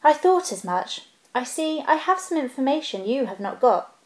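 A woman voicing a small, earnest male hobbit who talks with prim, businesslike courtesy and a slight squeak. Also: sing-song, moderate pace. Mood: polite, earnest. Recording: roomy echo.

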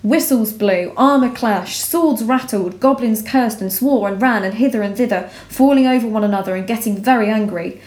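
A woman reading a storybook aloud in a measured, expressive way. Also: a little high. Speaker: narrator. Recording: roomy echo.

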